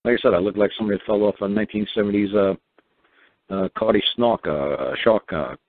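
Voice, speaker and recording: A man's voice: lowish voice, fairly quick, no echo. A man from New York hosting a call-in show, firing blunt, profane rhetorical questions at a caller. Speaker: radio show host. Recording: tinny phone-line sound.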